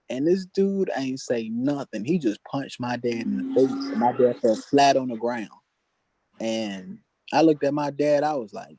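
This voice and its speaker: A man's voice: mid-range voice, animated, normal speed, dark tone, slightly rough, dry recording, low-quality recording. A man doing a stand-up set at an open mic, telling stories in loose, casual street slang. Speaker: stand-up comedian. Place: open mic comedy venue.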